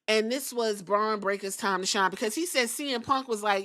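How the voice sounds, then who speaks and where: A woman hosting a wrestling review podcast, chatting casually in an animated, profane way and laughing often. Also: medium pitch, moderate pace, few pauses. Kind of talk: casual chat.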